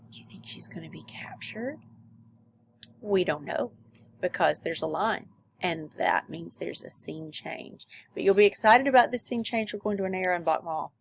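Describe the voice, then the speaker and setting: A woman's voice: on the low side, normal speed, creaky, slight background noise. A woman teacher explaining vocabulary words, then reading a novel chapter aloud to her students. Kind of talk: vocabulary lesson and read-aloud. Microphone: recorded lesson video.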